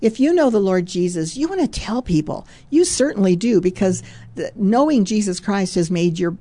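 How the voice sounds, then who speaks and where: A woman's voice: mid-range voice, animated, moderate pace, warm tone. A woman giving a Christian devotional, reading a story aloud and breaking in with chuckles, repeated phrases and "praise God" asides. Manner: emphatic, repeats phrases for stress.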